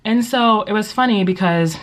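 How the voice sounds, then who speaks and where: A woman's voice: mid-range voice, normal speed. A young woman who teaches English, giving casual advice in a vlog, chatty and upbeat with lots of likes and you-knows. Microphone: compact vlogging camera.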